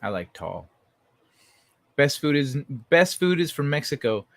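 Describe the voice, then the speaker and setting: A man's voice: fairly high pitch, big pitch swings, a little slow, dry recording. A man hosting a casual late-night livestream, talking loosely and with plenty of swearing while he reads viewers' chat messages aloud. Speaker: livestream host.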